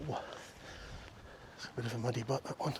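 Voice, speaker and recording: With a mid-range voice, fairly quick delivery and fairly even intonation, a man chats on a walking vlog. Out among countryside fields and paths, he jokes with his viewers and the passing sheep as a faint wind blows.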